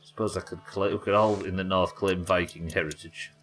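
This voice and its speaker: An English man streams a game live, thinking aloud and muttering to himself while chatting with viewers as he commentates. His low voice is a bit bright, fairly quick, and fairly even in intonation.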